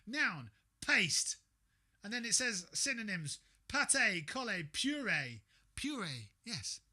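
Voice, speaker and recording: A man streams a game and muses out loud, sarcastic and quick to swear as he talks to himself. His voice sits high and bright, with a sharp edge, and his pitch jumps around a lot. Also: sing-song. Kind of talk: casual gaming livestream chat.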